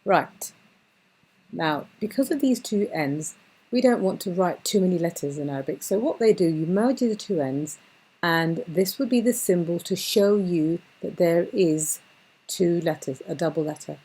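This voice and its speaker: A woman teaching a beginner Quran reading lesson, patiently repeating words slowly for her learners. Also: fairly low pitch, warm tone, husky.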